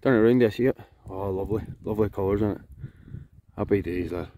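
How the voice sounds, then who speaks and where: A Scottish man fishing outdoors by a loch, giving excited, sweary commentary and shouting to a friend across the water. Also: lowish voice, fast talker, slight background noise. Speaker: fishing vlogger.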